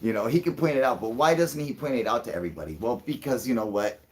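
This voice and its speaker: A man hosting a casual livestream, rambling and thinking out loud with lots of fillers, frequent swearing and chuckles. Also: medium pitch, animated, quick pace. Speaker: channel host.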